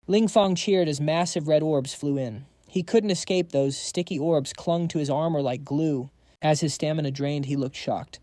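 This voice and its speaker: A man's voice: a little high, moderate pace, warm tone, no echo, clean studio sound. A man narrating a fantasy comic recap in a dramatic, scripted storytelling style.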